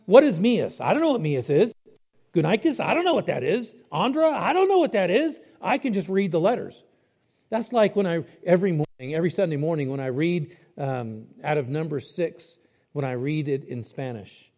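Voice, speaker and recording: Lively, high-voiced male preacher. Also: moderate pace. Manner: conversational, explains step by step with rhetorical questions. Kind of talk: sermon.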